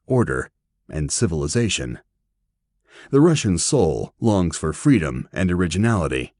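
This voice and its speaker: A man reading an audiobook with steady, even narration. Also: sits low, dry recording, studio quality.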